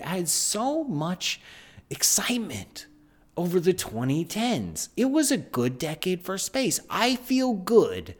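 A man hosting a live science show, talking in an excitable, animated, chatty way. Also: a little high. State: out of breath. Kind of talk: live-stream science talk.

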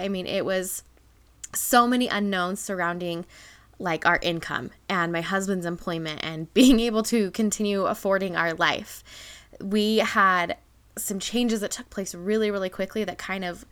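Bright, candid woman podcast host. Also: medium pitch. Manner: candid, animated, laughs often. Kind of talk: personal podcast talk.

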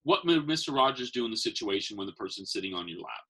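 A man with a fairly low, slightly bright, breathy voice and big pitch swings talks at a quick pace. Working as a professional Santa and magician, he tells rambling, casual stories and acts out the people he quotes, recorded on poor audio.

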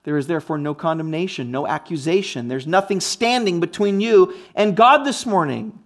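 A man's voice: on the high side, expressive, moderate pace, hardly any pauses. A man preaching a sermon in a conversational, emphatic way, with frequent restarts and asides. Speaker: pastor.

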